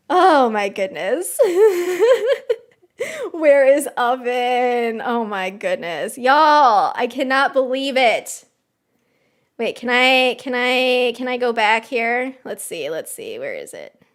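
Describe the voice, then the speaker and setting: Giggly high-voiced woman streamer. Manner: giggly, excitable, chatty. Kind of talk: casual live-stream reaction.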